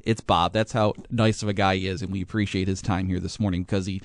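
A man's voice: sits low, little pitch movement, quick pace, no room sound, studio quality. A man hosting a sports radio show, chatting casually with many fillers and restarts.

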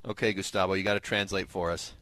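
A man's voice: low-pitched, steady tone, fast talker, fairly bright tone, dry recording, soft background music. A man hosting a radio movie show in casual chat, reading listener texts aloud in an upbeat way.

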